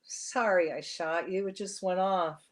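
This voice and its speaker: A woman's voice: lowish voice, fairly even intonation, a little slow, recorded from a distance, natural voice. Apologetic desperate young man from a storybook read by a woman. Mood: remorseful.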